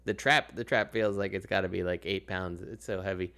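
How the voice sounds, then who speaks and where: A man's voice: low-pitched, steady tone, fairly quick, a bit bright. A man co-hosting a podcast in casual chat, rambling with plenty of fillers and laughing easily. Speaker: podcast co-host.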